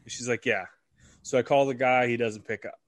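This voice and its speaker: Podcast co-host, young man, animated storyteller who swears freely, dry close sound. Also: medium pitch, brisk, no room sound. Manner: animated, swears freely, acts out quoted voices. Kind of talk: casual storytelling.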